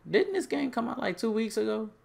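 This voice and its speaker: A man giving casual, joking commentary while playing a shooter game, with sudden loud bursts of excitement. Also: high voice, fairly quick, gravelly. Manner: joking, loose and self-mocking. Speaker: gamer.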